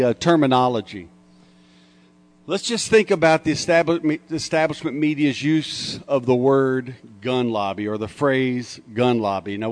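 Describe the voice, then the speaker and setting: A man speaking to a conference crowd in a punchy, joking, mocking way. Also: medium pitch. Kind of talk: lively conference talk with audience call-and-response. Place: conference hall.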